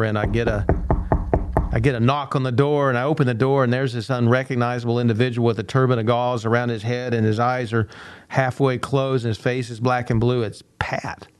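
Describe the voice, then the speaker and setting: Giving a motivational talk, an older coach and university instructor spins animated stories, voicing quoted dialogue and sometimes repeating words. The voice is medium-pitched and smooth, and the recording is dry.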